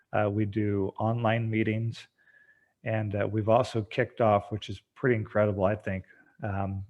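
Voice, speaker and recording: Low-voiced man telling lively stories. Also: highs cut off. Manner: energetic storyteller, acts out dialogue. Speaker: guest, treatment center founder. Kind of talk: podcast interview.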